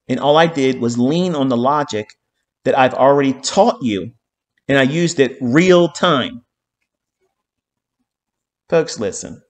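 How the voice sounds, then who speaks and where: A man lecturing on trading in a heated live-stream rant. He swears constantly, repeats his lines for emphasis and keeps checking in with an insistent "okay?". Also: medium pitch. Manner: heated, profanity-laden ranting with repeated phrases; emphatic, hammering points with "okay?".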